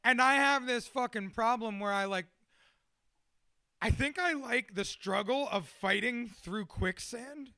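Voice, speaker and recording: A man's voice: extremely high pitch, a little slow, sharp tone, no echo, studio quality. A man in his thirties, a motivational speaker, rambling profanely and self-deprecatingly through a candid personal monologue.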